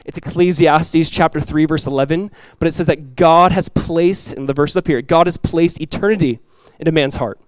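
A man's voice: a little high, moderate pace, few pauses, dry recording, rough recording. Conversational preacher, a man. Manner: conversational, animated storytelling with asides. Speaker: pastor. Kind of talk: sermon.

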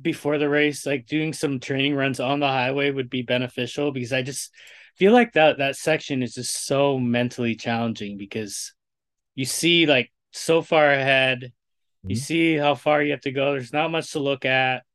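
A man's voice: medium pitch, normal speed, a bit bright, no room sound. Man asking casual questions. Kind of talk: casual podcast chat.

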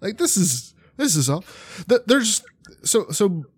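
A man's voice: high voice, sing-song, measured pace, husky, no room sound. Man, casual podcast chat, sweary and rambling, dry close sound. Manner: rambling, sweary, lots of fillers and restarts. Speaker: podcast co-host.

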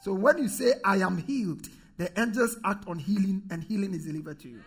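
A man's voice: high-pitched, animated, fast, slightly rough, faint music behind. A male pastor preaching a sermon, emphatic, repeating key phrases and calling on the congregation to respond.

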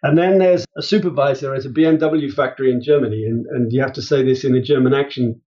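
A man speaking as an interview guest, telling lively stories and acting out quotes with big jumps in pitch. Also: fast. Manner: animated storyteller, jumps high in pitch for emphasis and quotes. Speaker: guest, business author. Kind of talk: conversational interview. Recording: dull lo-fi sound.

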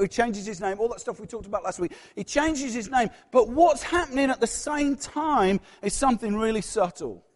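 High-voiced Yorkshire preacher in a hall. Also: male voice, normal speed, few pauses. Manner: conversational, acts out quoted voices, asks the congregation questions. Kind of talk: sermon. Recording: long hall reverb.

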